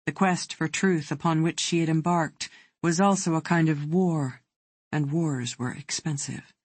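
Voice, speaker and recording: An audiobook narrator reading a thriller in a measured, even way. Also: medium pitch, dry recording.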